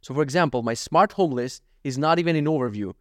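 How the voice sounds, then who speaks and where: Fast-talking, exasperated, swearing man. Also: fairly high pitch, lively intonation, a bit bright, no room sound, studio quality. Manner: profane, exasperated, says dude a lot. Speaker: podcast host. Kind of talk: casual solo podcast rant.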